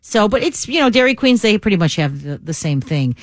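A woman's voice: medium pitch, very animated, a little fast, no room sound. A woman co-hosting morning radio in a studio, chatty and enthusiastic. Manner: enthusiastic, chatty, laughs easily. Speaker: radio co-host. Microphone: close studio mic.

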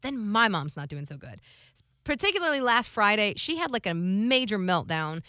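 Woman, middle-aged, casual chat, animated storytelling, bright tone, dry mic. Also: medium pitch, moderate pace, no room sound. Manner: chatty, storytelling with animated quoted voices. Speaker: co-host.

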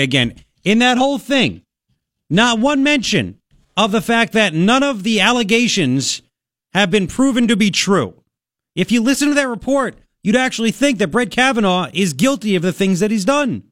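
A man's voice: high voice, sing-song, normal speed, a bit bright, no room sound, studio quality. A man hosting a talk radio show, ranting in a sarcastic, mocking and exasperated way. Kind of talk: opinionated talk radio monologue. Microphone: studio microphone.

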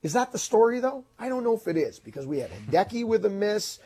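Guy cohosting a talk show, husky voice, stumbles and corrects himself a lot. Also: sits high, big pitch swings, dark tone. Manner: halting, with restarts and self-corrections. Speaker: co-host. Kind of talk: casual chat.

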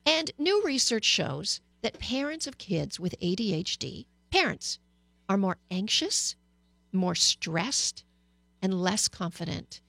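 Middle-aged woman radio host, mid-pitched, candid and hesitant, dry close studio mic. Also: big pitch swings, slow, creaky, fairly bright tone, dry recording. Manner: candid, personal, with frequent hesitations. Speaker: radio talk show host and psychologist. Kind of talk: talk radio monologue.

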